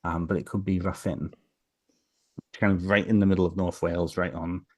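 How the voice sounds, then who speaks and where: Male guest, deep voice, rambling storyteller, dry close sound. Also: flat delivery, normal speed, darkish tone, no echo. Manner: rambling, many fillers and restarts. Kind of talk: casual storytelling in an interview.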